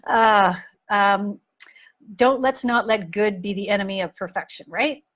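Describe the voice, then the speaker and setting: A middle-aged woman, a parenting coach and podcast host, talks casually to her listeners. Her medium-pitched voice is steady and fairly bright, moving a little slowly, and she speaks frankly and animatedly, repeating words for emphasis.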